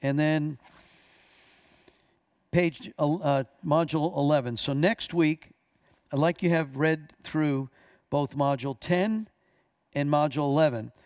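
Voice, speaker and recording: Earnest pastor, slightly high voice. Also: male voice, fairly even intonation, measured pace, pauses often, a little mellow, dry recording. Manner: earnest storytelling with restarts. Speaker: pastor teaching a class. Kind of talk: teaching a church class with stories.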